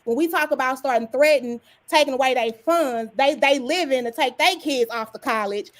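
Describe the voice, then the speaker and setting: A woman's voice: sits high, fairly quick. A woman hosting a podcast, chatting casually and backing up her guest, calling her sis. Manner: supportive, calls the guest sis. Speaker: podcast host. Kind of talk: casual chat.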